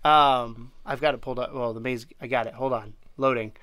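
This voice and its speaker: A man's voice: mid-range voice, steady tone, a little fast, sharp tone, no echo. A man co-hosting a podcast, chatting casually about a game he played, rambling with lots of restarts and little laughs. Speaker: podcast co-host. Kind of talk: casual chat reviewing a game.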